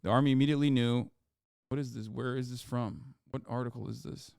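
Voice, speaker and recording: A man's voice: medium pitch, steady tone, brisk, creaky, darkish tone, no echo, clean studio sound. Profane, exasperated male streamer. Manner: profane, exasperated rants, reading news aloud. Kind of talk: live stream reaction commentary.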